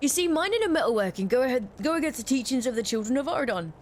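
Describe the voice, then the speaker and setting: A self-pitying old pub landlord played by a woman grumbles. The voice sits high for an old man. A faint hiss runs under the game-dialogue reading. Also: sing-song, quick pace. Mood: grumbling.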